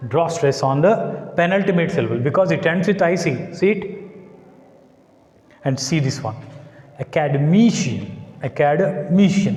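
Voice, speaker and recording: Slow, deliberate male teacher in an echoey classroom. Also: fairly high pitch, a little mellow. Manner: slow, deliberate, spells out letters and repeats words. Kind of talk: classroom lecture. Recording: echoey classroom, long reverb.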